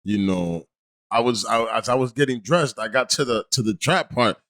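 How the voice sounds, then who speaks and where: A man's voice: mid-range voice, moderate pace. A laid-back man hosting a podcast, chatting casually and asking his guest questions. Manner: laid-back, animated, laughs easily. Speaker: podcast host. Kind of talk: casual interview chat. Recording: roomy with faint noise.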